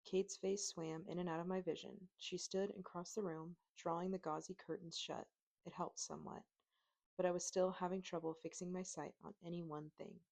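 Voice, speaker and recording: A woman narrating a first-person audiobook in steady, emotive storytelling on a close mic. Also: fairly low pitch, moderate pace, creaky.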